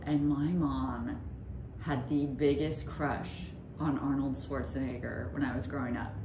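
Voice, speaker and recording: A woman co-hosting a casual podcast, telling stories in a chatty way with frequent swearing and quick asides. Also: rumbling low, steady tone. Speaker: podcast co-host. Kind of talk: casual chat. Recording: echoey room with faint noise.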